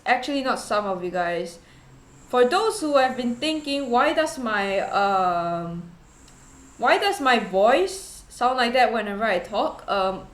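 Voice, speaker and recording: A young woman streamer chatting casually with her viewers, rambling and giggly and quick to poke fun at herself. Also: on the high side, a bit bright. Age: young adult. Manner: rambling, giggly, self-deprecating. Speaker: VTuber streamer. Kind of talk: casual chat. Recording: roomy echo.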